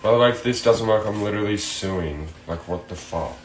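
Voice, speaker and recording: A man's voice: fairly low pitch, fairly quick, reverberant. A man grumbling sarcastically to himself in a comedic monologue.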